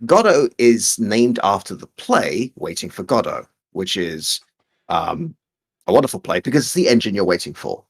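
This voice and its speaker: A man's voice: lowish voice, sing-song, moderate pace, gravelly, husky. A man co-hosting a casual live stream, reading out viewer questions and joking as he rambles over a call.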